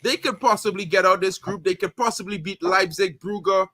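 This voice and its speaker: A man streaming casual football chat, animated and slangy, calling everyone bro. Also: sits high, moderate pace, dry recording. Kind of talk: casual live commentary.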